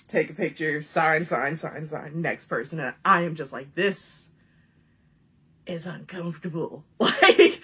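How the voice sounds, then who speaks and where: A woman in her thirties telling a funny personal story in a casual, profane, animated way, often laughing as she talks. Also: lowish voice, breathy edge. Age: 30s.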